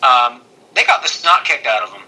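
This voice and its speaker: A man co-hosting a podcast, telling jokey stories in an animated way. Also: mid-range voice, normal speed, low-quality recording. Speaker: podcast co-host. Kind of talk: casual chat.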